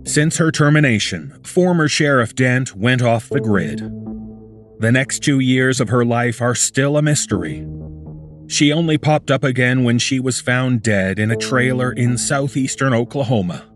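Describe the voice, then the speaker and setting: A man narrating a horror story in a measured, documentary-like scripted voice. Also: medium pitch, faint music behind.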